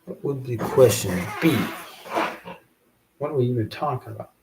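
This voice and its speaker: A man hosting a show, thinking aloud in a halting, musing way as he works out verses, repeating phrases to himself. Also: noisy background. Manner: slow, low-key, self-questioning. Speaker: podcast host writing rhymes. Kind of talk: casual thinking aloud while writing verses.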